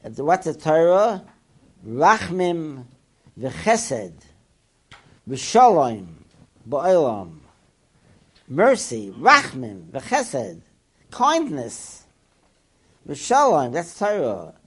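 A man teaching a Torah class, animated and asking his listeners questions, mixing Hebrew and Yiddish terms into English. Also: fairly high pitch, drawn-out words, pauses often, husky.

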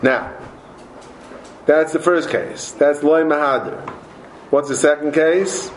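A man teaches a Talmud class in a lively, animated way, often repeating words and joking with his students. His voice sits a little higher than most men's. The room around him is echoey. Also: slow, a little hiss or hum.

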